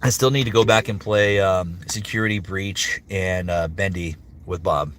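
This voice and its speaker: A man's voice: low-pitched, steady tone, a bit bright, slight background noise. A man who works as a voice actor, chatting casually on a livestream and answering viewer comments with upbeat energy. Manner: chatty and upbeat, with frequent fillers and quick impressions. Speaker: voice actor streamer.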